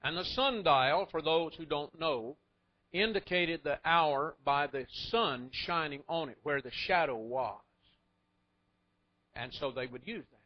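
A man's voice: a little high, measured pace. A man preaching a sermon, retelling stories in a folksy way with wry asides and chuckles. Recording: muffled lo-fi recording.

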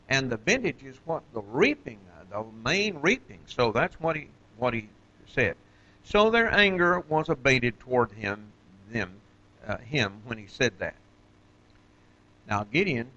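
A man's voice: medium pitch, sharp tone. A man teaching an informal Bible study, talking conversationally with many fillers and questions to his listeners. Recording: dull lo-fi recording.

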